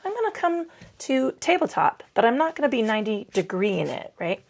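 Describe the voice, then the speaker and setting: A woman with a higher, sing-song, gravelly voice and a brisk delivery leads a yoga class. She talks through each pose with chatty, self-mocking asides and casual swearing, breathing heavily and a bit winded.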